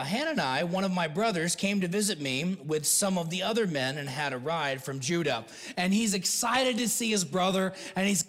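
A man's voice: fairly high pitch, a bit bright. A man from the United States preaching a sermon in a conversational way, acting out the lines he quotes and often restarting his sentences. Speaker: pastor. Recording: long hall reverb.

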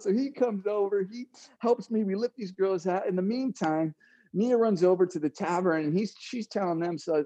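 A middle-aged man casually retelling a story, animated, laughing now and then and acting out what people said. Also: sits high, normal speed, no room sound, highs cut off. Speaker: guest telling a story.

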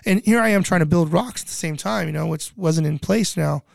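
A man's voice: on the high side, fairly quick, gravelly, no echo. A middle-aged man telling stories casually as a guest, rambling with lots of filler words and restarts, sometimes swearing. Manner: animated, swearing. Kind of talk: casual storytelling.

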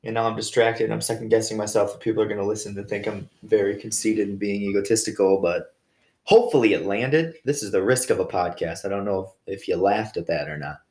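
A man's voice: fairly low pitch, brisk, a little mellow, echoey room. A young adult man hosting a casual solo podcast, telling stories in a joking, self-deprecating way. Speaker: podcast host.

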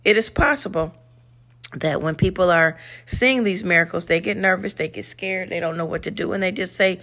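A woman's voice: on the low side, moderate pace, fairly bright tone. Earnest woman teaching scripture. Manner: earnest, conversational, emphatic. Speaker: devotional podcast host. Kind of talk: scripture reading and devotional teaching.

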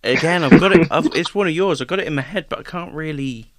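A man's voice: fairly high pitch, quick pace. A man co-hosting a podcast, chatting casually and playfully with frequent swearing. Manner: swears a lot, lively, jokey. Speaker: podcast co-host. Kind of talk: casual chat.

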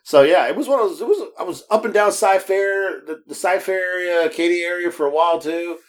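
A podcast co-host with a high-pitched voice and a fairly quick pace tells stories in easygoing chat. He laughs often, swears without holding back, restarts a lot, and animatedly mimics the people he's quoting.

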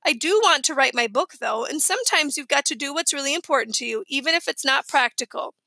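Casting: woman reading a patient, reasonable father in a storybook, bright and close. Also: high voice, animated, fast, creaky, no room sound, full character voice. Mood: calm. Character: patient father, calm and explaining.

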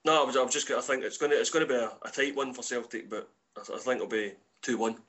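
Fast-talking man citing stats. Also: mid-range voice, fairly bright tone, lo-fi sound. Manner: quick, cites stats. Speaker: co-host. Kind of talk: casual podcast chat.

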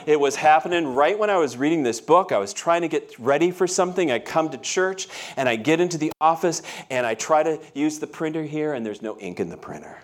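In church, a male pastor with a fairly high voice and lively intonation preaches quickly, with few pauses. He tells everyday stories conversationally and keeps checking in with the congregation by asking them questions.

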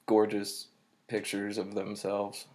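A man's voice: lowish voice, completely flat delivery, slow pace, a little mellow. A man co-hosting a casual podcast, telling news stories in a laid-back, self-mocking way. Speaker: podcast co-host. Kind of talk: casual chat.

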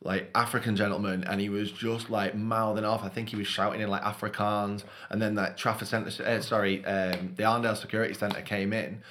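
Low-voiced man telling a story casually. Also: little pitch movement, fairly bright tone. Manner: halting, filler-heavy storytelling. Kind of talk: casual chat.

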